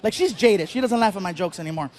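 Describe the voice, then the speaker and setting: A man with a strikingly high voice tells a stand-up story from a big live stage, bouncing between characters and shouting his punchlines. A faint hum of the venue sits under his stage mic. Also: expressive, fast talker. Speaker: stand-up comedian. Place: large live venue with audience.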